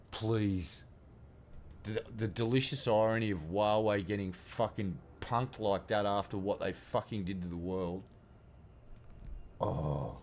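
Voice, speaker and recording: A man's voice: on the low side, darkish tone, a little hiss or hum. A man with an Australian accent giving casual, profane, ranting commentary while streaming a game.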